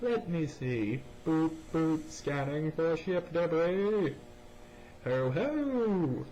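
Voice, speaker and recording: A young man talks through a video game in an unhurried, goofy way. His voice sits a little high and jumps all over the place. He reads the game's lines aloud over a faint hiss from a cheap microphone. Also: mellow. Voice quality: goofy, pitch jumping around. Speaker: gamer. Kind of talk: let's play commentary.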